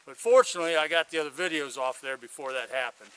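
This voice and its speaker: A hiker vlogging his thru-hike talks to a handheld video camera outdoors on a trail, rambling through a long story in a casual vlog. His voice is on the high side, bright, forceful, and smooth, and he talks fast.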